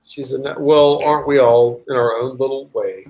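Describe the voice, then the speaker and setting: A man's voice: medium pitch, steady tone, moderate pace, a little mellow. A man hosting a casual livestream chat, talking emphatically and repeating words as he makes his point. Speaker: channel host.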